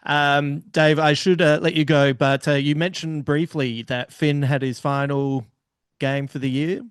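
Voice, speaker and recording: A man hosting a podcast in casual chat, hesitant with many ums and quick to laugh. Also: on the high side, little pitch movement, smooth, no echo, clean studio sound. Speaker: podcast host.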